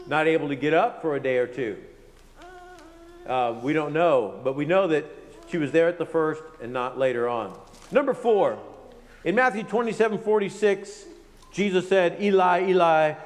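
Guy reading kjv verses then explaining them, lots of uh's, reverb hanging after each line. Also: a little high. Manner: reads scripture aloud in King James wording, then explains it plainly; unhurried, with frequent "uh" pauses. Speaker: Bible teacher. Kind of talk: verse-by-verse Bible teaching.

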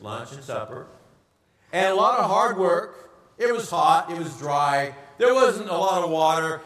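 A pastor preaching a sermon, animated and asking the congregation rhetorical questions. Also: male voice, high voice, roomy sound, distant mic.

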